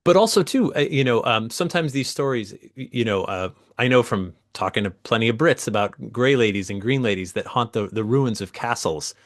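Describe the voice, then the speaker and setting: A middle-aged man, a guest author telling stories with animated energy in a casual interview. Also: medium pitch, a little fast, hardly any pauses. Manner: lively, animated storyteller.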